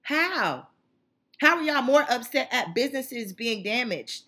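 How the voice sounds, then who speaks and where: Woman w/ going off on a fiery rant, kinda high, bit husky. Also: sing-song, a little slow, pushed and bright. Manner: fiery, emphatic, repetitive. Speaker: channel host. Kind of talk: impassioned monologue.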